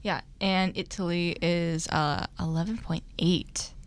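Chatty woman host, smooth low voice. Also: steady tone, slow pace. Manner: chatty, many fillers. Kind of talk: casual group chat.

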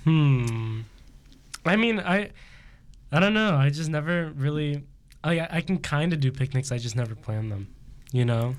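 A man in a casual group chat, hesitant and quick to laugh. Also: fairly high pitch, lively intonation. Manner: hesitant, giggly.

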